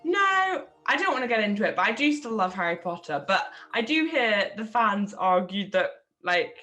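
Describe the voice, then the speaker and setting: A woman's voice: mid-range voice, sing-song, moderate pace, bright, forceful tone, faint music behind. A woman co-hosting a podcast, chatting casually, swearing freely and laughing at herself. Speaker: podcast co-host. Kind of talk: casual chat.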